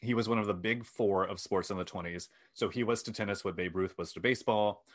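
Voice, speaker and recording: Wry man with a lowish voice. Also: steady tone, fairly quick. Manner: wry, self-deprecating, reads from notes. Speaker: podcast host. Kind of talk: casual storytelling chat.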